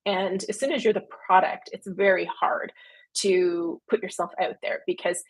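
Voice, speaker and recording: A Canadian woman talks through viewer questions on a casual livestream, her voice slightly husky. She rambles warmly into tangents, filling pauses with ums and quick laughs. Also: on the low side, steady tone. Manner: chatty and rambling, frequent fillers and laughs. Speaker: publishing company founder hosting a livestream.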